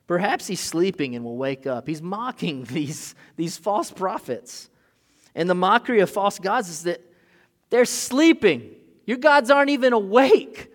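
A man delivers a sermon, his voice a touch higher than most men's. He slips into loose, casual asides, then climbs to loud, emphatic peaks when he reads scripture. A long reverb hangs on every word, as in a large sanctuary. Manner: casual asides with filler and restarts. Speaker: pastor.

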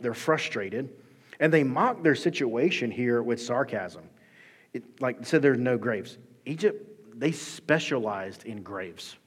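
Husky-voiced male pastor in an echoing hall. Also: mid-range voice. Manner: conversational, acts out quoted voices with humor. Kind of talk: sermon. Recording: long reverb of a large hall.

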